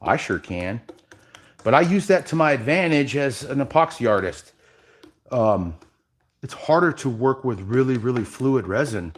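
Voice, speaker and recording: A man leads a live epoxy workshop demo, chatting casually with his viewers. His pitch swings widely, rising high when he greets the chat and sinking low and quiet as he concentrates on the work. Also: lively intonation, moderate pace. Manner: casual, chatty, addresses viewers directly, drifts quiet while working. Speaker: epoxy artist and workshop host.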